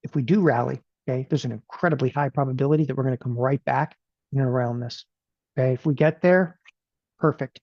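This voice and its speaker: A man teaching options trading in a live webinar. He talks in an animated, rapid-fire way and keeps asking "okay?" after every point. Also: mid-range voice, no room sound, muffled recording.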